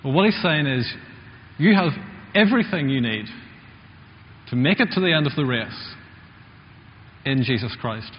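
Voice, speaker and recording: A man's voice: medium pitch, lively intonation, measured pace, pauses often. Guy giving a sermon, chatty, asks the room questions, long church echo, bit of hiss. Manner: conversational, asks the congregation questions. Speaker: preacher. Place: church hall. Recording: muffled church recording with long reverb.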